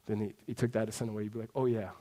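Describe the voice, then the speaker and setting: A man in his thirties preaching a sermon to his congregation in a conversational way, dropping to a hush and then rising to emphatic points. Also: fairly low pitch, monotone, very fast. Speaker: pastor.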